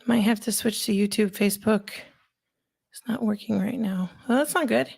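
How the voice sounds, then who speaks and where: A woman's voice: mid-range voice, moderate pace, creaky, a little mellow, husky. A woman hosting a casual livestream, chatting loosely and greeting viewers one by one by name. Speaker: livestream host.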